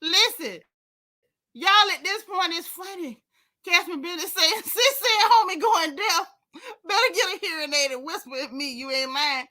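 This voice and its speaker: A woman's voice: very high-pitched, moderate pace. A woman hosting a casual reality TV recap, talking in slang and laughing often. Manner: animated, laughing, heavy slang. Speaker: host.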